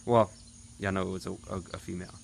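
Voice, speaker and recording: A man's voice: low voice, little pitch movement, fast talker, vocal fry. Chatty thirty-year-old man vlogging. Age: 30s. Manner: chatty, talks straight to viewers. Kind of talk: casual vlog recap.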